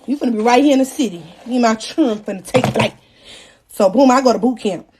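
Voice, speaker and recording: A young adult woman hosting a live podcast, telling a personal story to her audience in a slangy, animated way and often calling out to the crowd. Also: a little high, fast, noisy background. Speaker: podcast host.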